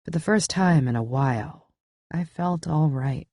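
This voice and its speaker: A woman narrating a first-person thriller audiobook in a measured, intimate way on a close studio mic. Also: deep voice, dark tone, no echo.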